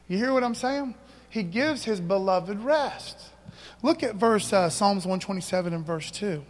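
A man preaches to his congregation in an easy, conversational way, tossing out slang and asking the room questions. His voice sits high for a man. The sound rings out in a church hall with a long, trailing reverb. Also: fairly bright tone. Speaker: pastor. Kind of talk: sermon.

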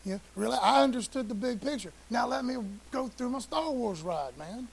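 A middle-aged man preaching a sermon in a conversational way, dropping into casual slang and swinging from loud to hushed. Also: extremely high pitch, expressive, fairly quick, gravelly, slightly rough, low-quality recording. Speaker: pastor. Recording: faint hiss.

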